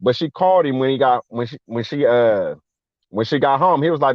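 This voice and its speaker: Man, storytelling, slangy and animated, muffled lo-fi, dead dry sound, average pitch. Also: fairly quick, no echo. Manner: animated, slangy, acts out quoted voices. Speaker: guest veteran. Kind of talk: casual storytelling chat.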